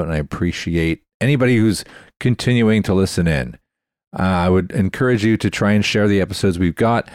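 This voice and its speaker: A man's voice: low-pitched, a little mellow, dry recording, clean studio sound. A man hosting a tech podcast in a chatty, explanatory way, often spelling words out letter by letter. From Canada. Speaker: podcast host. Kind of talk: casual explanatory podcast talk.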